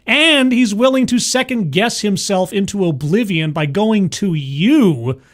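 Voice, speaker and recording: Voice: mid-range voice, expressive, unhurried. A streamer doing sarcastic, exasperated commentary on a video during a live stream.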